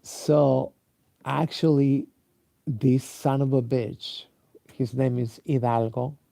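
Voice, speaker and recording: A sleepy man with a dark, gravelly voice rambles slowly through a casual monologue. He stops often for fillers and restarts and swears freely. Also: mid-range voice, fairly even intonation. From Mexico. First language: Spanish. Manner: halting, many fillers and restarts, profane.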